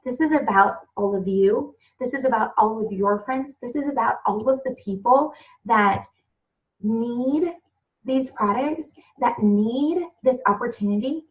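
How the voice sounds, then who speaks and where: A woman with a slightly high voice speaks to her team on a group call. She is earnest and openly emotional, urging newcomers on with heartfelt encouragement. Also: a little slow, recorded from a distance, poor audio. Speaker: team leader welcoming new members. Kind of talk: motivational talk on a group call.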